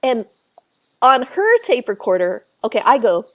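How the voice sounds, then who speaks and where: A woman guest telling a spooky story in a casual interview, animated, acting out quoted voices and laughing often. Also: on the high side, unhurried. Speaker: author and paranormal researcher, guest.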